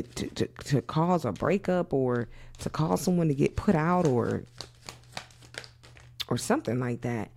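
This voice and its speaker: A woman's voice: low voice, vocal fry, warm tone, breathy edge. A woman giving a casual tarot reading, thinking aloud with lots of "yeah"s and some casual swearing. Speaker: tarot reader.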